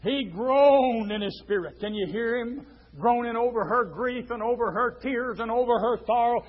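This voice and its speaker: A man preaching a sermon, swinging from hushed storytelling to fiery shouts and stretching out his words. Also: extremely high pitch, moderate pace, dull audio. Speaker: pastor.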